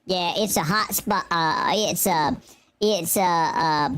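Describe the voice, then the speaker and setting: A man through a pitched-up voice changer. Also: a bit bright. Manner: halting, fumbling for words. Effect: voice changer raising the pitch.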